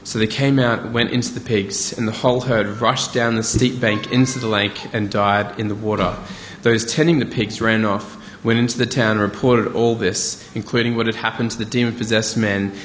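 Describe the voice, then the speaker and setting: A male pastor giving a conversational, animated sermon with asides. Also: fairly low pitch, normal speed, hardly any pauses, slight background noise. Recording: echoey hall, faint ambience.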